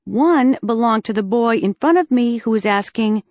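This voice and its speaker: A woman reading a first-person audiobook in a lively, wry storytelling manner, on a close studio mic. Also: a little high, moderate pace, few pauses, dry recording. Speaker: audiobook narrator.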